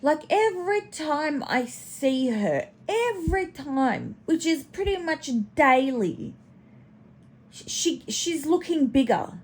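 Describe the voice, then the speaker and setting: A woman's voice: sits high, very animated, slow pace. A woman hosting a casual reaction commentary, chatty and snarky, swearing now and then. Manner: chatty, snarky, swears, talks to her pet in baby talk. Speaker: commentary channel host.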